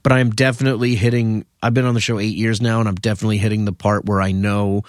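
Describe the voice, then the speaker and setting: A man's voice: fairly low pitch, flat delivery, fast, no room sound, studio quality. A man in his thirties chatting as a podcast guest, nervous and self-deprecating, with lots of stammered restarts. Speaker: guest comedian. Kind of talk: casual podcast chat.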